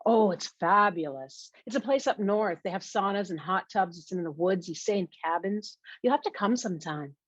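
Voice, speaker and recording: A woman's voice: medium pitch, lively intonation, moderate pace, hardly any pauses, dry recording, close to an everyday voice. A woman reading the lines of an aloof young man who pleads and coaxes, in a dull recording. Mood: pleading. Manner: coaxing, pleading.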